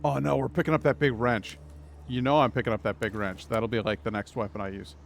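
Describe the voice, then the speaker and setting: A man streams a game live and talks loosely to his chat, rambling and cracking puns. His voice sits at an ordinary middle pitch, with faint ambient noise behind it. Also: steady tone, fairly quick, gravelly. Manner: rambling, jokey, punning. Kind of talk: casual live gameplay commentary.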